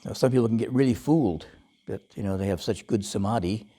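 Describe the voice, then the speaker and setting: A man who is a Buddhist monk, giving a relaxed dharma talk and telling stories with frequent chuckles and fillers. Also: on the low side, fast, slightly rough. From Western, lived in Thailand as a layman. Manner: relaxed storytelling, chuckles often, many fillers.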